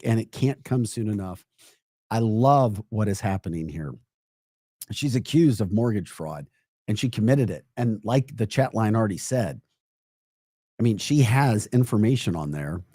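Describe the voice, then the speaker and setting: A man's voice: mid-range voice, warm tone, no echo, clean studio sound. A man hosting a live political podcast, emphatic and mocking, often breaking into laughter while reacting to chat comments. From United States. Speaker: podcast host.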